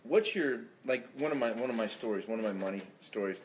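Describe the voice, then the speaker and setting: Quick-talking male host, mid-pitched, chatty and anecdotal, tags phrases with "right?". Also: a little hiss or hum, rough recording. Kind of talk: casual interview chat.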